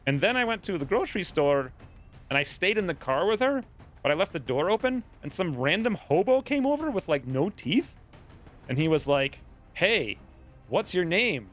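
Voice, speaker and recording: A man's voice: high voice, very animated, moderate pace, faint music behind. A man streaming a strategy game, chatting casually and drifting into stories while he plays. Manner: rambling, distracted, storytelling asides. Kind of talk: casual gameplay commentary.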